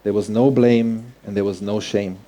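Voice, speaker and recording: A man's voice: fairly low pitch, steady tone, normal speed, warm tone. A man telling a personal story on stage, earnest and heartfelt, in vivid present tense. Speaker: speaker.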